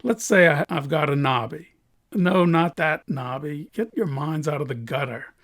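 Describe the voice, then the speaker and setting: A man's voice: fairly high pitch, moderate pace, fairly bright tone. A man who cuts opal, explaining his craft to viewers in a chatty tutorial full of jokes and self-deprecating asides. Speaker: opal cutter. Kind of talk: hobby tutorial monologue.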